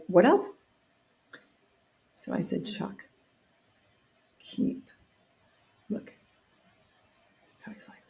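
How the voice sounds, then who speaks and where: Mellow-voiced woman telling a story. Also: medium pitch. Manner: animated storyteller acting out quotes, frequent restarts. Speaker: podcast guest, author. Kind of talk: storytelling in a podcast interview.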